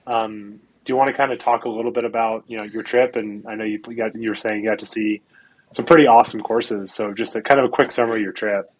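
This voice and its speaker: A man hosts a podcast in a somewhat low voice. He tells stories with animation, peppers them with "like" and "you know," and swears casually. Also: fast talker, low-quality recording. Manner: animated storytelling, profane, many "like"s and "you know"s. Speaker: podcast host. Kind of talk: casual chat.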